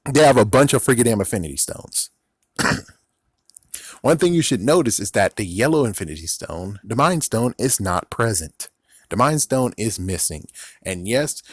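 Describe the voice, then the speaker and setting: A man's voice: fairly low pitch, dry recording, clean studio sound. A man casually reviewing a TV series, rambling and sarcastic, swearing often and repeating "it's like". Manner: profane, sarcastic, incredulous.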